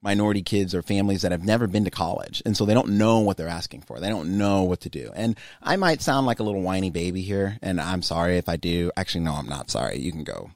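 Man, young adult, deep voice, dry recording, candid, rambling, casual interview guest. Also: fast talker, hardly any pauses, a little mellow, dry recording. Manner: candid, rambling with many fillers. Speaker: guest, climbing business owner.

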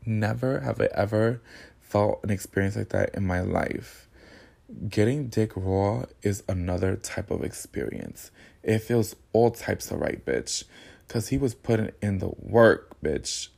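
A man hosts a podcast in a casual storytelling monologue, candid and full of sassy slang. His voice sits fairly low with a gravelly, fry-laden edge. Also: animated, unhurried, a little mellow. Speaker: podcast host.

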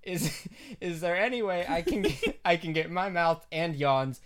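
A man's voice: a little high, a little slow, a bit bright. A young man co-hosting a podcast, chatting casually and laughing often as he reads listener questions. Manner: playful, laughs often, jokey. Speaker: podcast co-host.

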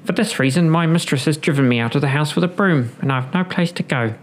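A man's voice: on the high side, fast talker, a little hiss or hum, close to an everyday voice. Man doing a plaintive old cat. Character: old cat, sad and cast out.

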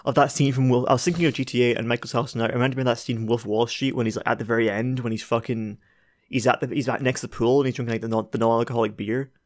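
A man's voice: mid-range voice, steady tone, racing, no echo, studio quality. A man hosting a casual video game podcast, sweary and jokey, laughing often. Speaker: podcast host. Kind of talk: casual chat.

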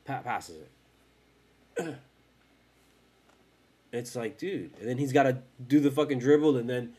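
A tired man hosting a fan podcast, ranting in a profane, rambling and heated way late at night. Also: mid-range voice. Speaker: sports fan podcast host. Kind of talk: casual rant.

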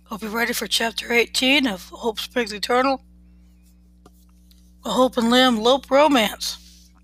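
A woman's voice: a little high, steady tone, measured pace, fairly bright tone, rough recording. A woman reading a serial romance story aloud, plainly, with small slips and restarts. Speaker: podcast storyteller.

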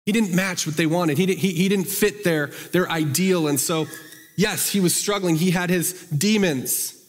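A man's voice: sits high, moderate pace, long reverb tail, faint music behind. A man preaching a sermon and reading scripture aloud, talking casually and asking the congregation questions. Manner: conversational, asks the congregation questions. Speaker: pastor.

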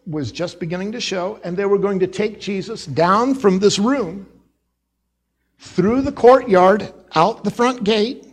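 A man's voice: high voice, a little slow, breathy edge. A middle-aged man, a former associate pastor, preaching a sermon and acting out the quoted dialogue. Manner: animated preacher who acts out quoted dialogue.

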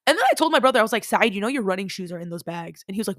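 Chatty young woman with a gravelly edge. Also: medium pitch, animated, very fast, few pauses, a bit bright, dry recording, studio quality. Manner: chatty, filler-heavy, dramatic retelling. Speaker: podcast host. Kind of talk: casual storytelling monologue.

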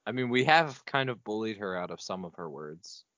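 A young man with a slightly low voice, talking bluntly and teasing his friends, swearing now and then. The sound is dry and a little dull, like a lo-fi mic. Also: lively intonation, normal speed, fairly bright tone, no room sound. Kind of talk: casual chat.

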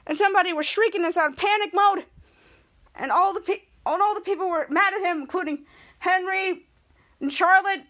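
A woman's voice: very high voice, brisk, pushed and bright, raised voice. A woman podcast host casually recapping a TV episode, rambling and repeating herself as she goes.

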